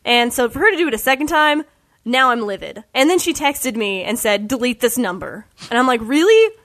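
A young woman telling a story in casual chat, animated and full of "like"s. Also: sits high, a little fast. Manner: chatty, animated, many "like"s.

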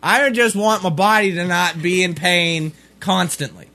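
A man's voice: high-pitched, a little slow, bright, forceful tone. A man co-hosting a stream, joking bluntly and swearing freely in casual chat. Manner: blunt, profane, wisecracking. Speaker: stream co-host.

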